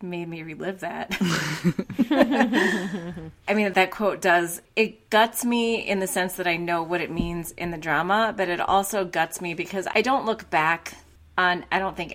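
Woman in her 40s on a podcast, kinda low voice, chatty and rambly, lots of "you know". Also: a bit bright. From United States. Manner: candid, rambling storytelling with many fillers. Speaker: podcast co-host, romance novelist. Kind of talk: casual podcast chat.

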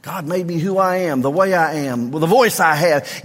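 Southern pastor preaching in an echoing hall. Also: male voice, moderate pace, few pauses. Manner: emphatic preaching with repeated refrains, swinging from low to near-shouting. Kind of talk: sermon. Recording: long reverb of a large hall.

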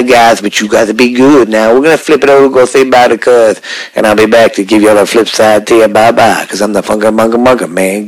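A man's voice: medium pitch, lightly acted, rough recording. A man voicing a folksy, rambling country uncle podcaster who stammers and uses jive slang. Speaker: podcast co-host.

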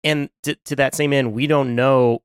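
Smooth-voiced man musing on a film. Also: mid-range voice, fairly even intonation, normal speed, no echo, studio quality. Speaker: podcast co-host. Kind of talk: casual film discussion.

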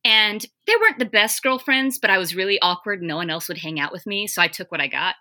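Bright-voiced woman telling a story. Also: mid-range voice, fast talker. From US South. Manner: candid, wry storyteller. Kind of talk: casual chat.

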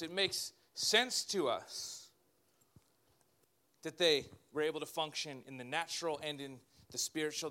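A man, a pastor, preaching a sermon in an animated way with joking asides to his congregation. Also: a little high.

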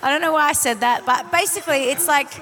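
A woman's voice: sits high, fast talker, background noise. Chatty woman on a reverberant stage. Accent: non-American (commented on). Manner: rambling, filler-heavy, laughs at herself. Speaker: songwriting panelist. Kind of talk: casual panel talk on songwriting. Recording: long hall reverb.

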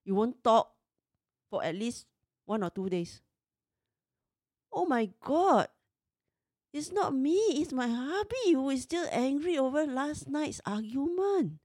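A woman's voice: sits high, very animated, takes it slowly, long pauses, darkish tone, no room sound, studio quality. A woman in her fifties tells a personal story in an emotional, exasperated way. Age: 50s.

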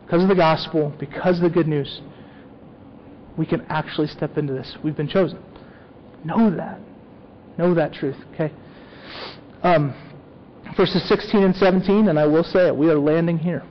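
A man's voice: on the high side, moderate pace, long pauses, highs cut off, slight background noise. A man preaching a sermon as a pastor, talking conversationally and often checking in with "okay?".

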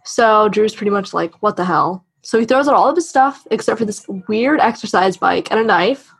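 A woman with a husky, slightly breathy voice chats on a podcast, recapping a movie in loose, conversational talk. She swears casually and slips quickly into the voices of the people she quotes. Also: mid-range voice, rough recording. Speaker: podcast co-host. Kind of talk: casual chat, retelling a film plot.

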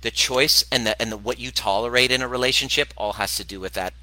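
A man's voice: mid-range voice, quick pace, bright, forceful tone, a little hiss or hum, low-quality recording. A middle-aged man, a former chiropractor, talking straight to camera about parenting in a blunt, passionate way, swearing and laughing often. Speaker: former chiropractor turned wellness video host. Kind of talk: direct-to-camera talk answering a viewer question.

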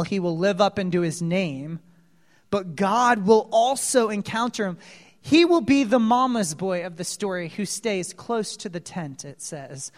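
Man preaching, lively storyteller, quizzes the audience, speaks slowly; large echoing hall. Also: sits high. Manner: animated storyteller, asks the audience questions. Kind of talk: sermon retelling a Bible story. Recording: long reverb of a large hall.

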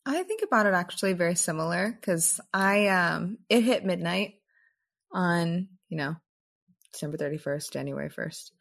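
A woman's voice: fairly low pitch, expressive, normal speed, vocal fry, a bit bright. A woman co-hosting a podcast, chatting in an easygoing, agreeable way. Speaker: podcast co-host. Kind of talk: casual chat.

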